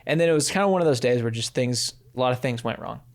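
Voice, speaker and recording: A man's voice: mid-range voice, expressive, fast, creaky. Man telling a family anecdote. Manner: warm anecdotal telling, acts out quotes. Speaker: podcast co-host. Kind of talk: casual storytelling.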